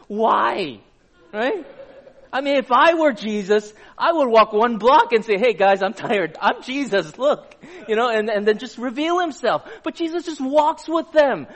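A man's voice: extremely high pitch, a bit bright. A man preaching a sermon to a live audience, talking in a conversational way and putting questions to the crowd. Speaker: pastor.

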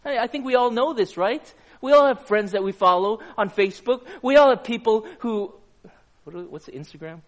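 Male pastor with a high voice, chatty sermon delivery, puts questions to the congregation. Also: moderate pace. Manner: conversational, asks the audience questions.

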